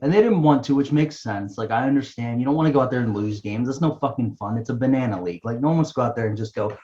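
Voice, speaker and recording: A man's voice: medium pitch, fast, mellow. A young man co-hosting a casual podcast, laid-back and profane, often losing his train of thought. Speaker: podcast co-host. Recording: dull, lo-fi sound.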